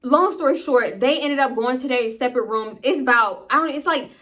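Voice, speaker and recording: Bright-voiced young woman telling a story. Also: high voice, fairly quick. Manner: candid, animated, profane storytelling. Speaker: storytime vlogger. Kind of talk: casual storytime monologue.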